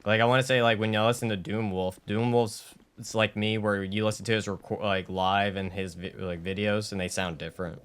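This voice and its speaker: A man's voice: fairly low pitch, steady tone, brisk, clean tone. A man streaming a game, chatting casually in a rambling way with many fillers and restarts. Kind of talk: casual chat while gaming.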